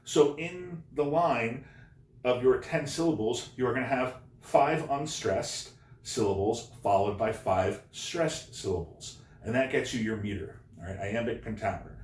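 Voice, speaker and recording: A male teacher giving a recorded remote lesson, explaining slowly and repeating the key points. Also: medium pitch, darkish tone. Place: home room, no classroom. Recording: echoey room.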